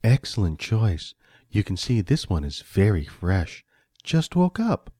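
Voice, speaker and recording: A man reading aloud and voicing a kind, gentle woman at a bakery counter in a storybook. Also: fairly low pitch, big pitch swings, unhurried, husky, no echo, studio quality, exaggerated voice.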